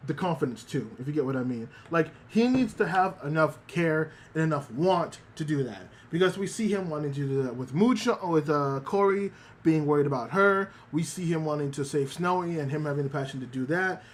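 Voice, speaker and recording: A male VTuber chatting on a casual livestream, rambling and looping back on himself. He swears freely and often repeats lines. His voice sits a bit high for a man. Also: expressive, a little fast, few pauses, a little hiss or hum. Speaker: VTuber streamer.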